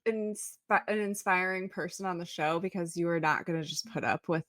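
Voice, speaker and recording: A woman's voice: fairly low pitch, brisk, fairly bright tone, no echo, clean studio sound. A woman co-hosting a podcast in casual chat, upbeat and laughing often. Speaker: podcast co-host.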